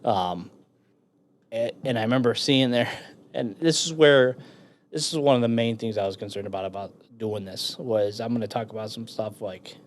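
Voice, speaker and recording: A man's voice: on the low side, moderate pace, a little hiss or hum. A man in his thirties from the United States, a firefighter telling a war story in casual talk, swearing and acting out the others in it. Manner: swearing, animated when quoting others. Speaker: podcast guest, firefighter and veteran.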